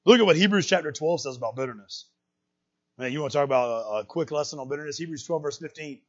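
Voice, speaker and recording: A man preaching a sermon, emphatic and direct, swinging between loud and hushed lines. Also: on the high side, husky, highs cut off. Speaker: pastor.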